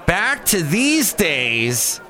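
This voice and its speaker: A man's voice: sits high, huge pitch swings, drawn-out words, sharp tone. A man hosting a solo podcast, talking in a rambling, jokey way that drifts from topic to topic. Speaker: podcast host.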